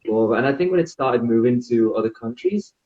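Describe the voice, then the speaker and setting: A man's voice: mid-range voice, lively intonation, quick pace, a little mellow, roomy sound, highs cut off. A man in his twenties with a northeast English accent, chatting easily as a guest on a live video call interview. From northeast England. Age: 20s. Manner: easygoing and chatty, with light laughs. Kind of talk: casual interview chat.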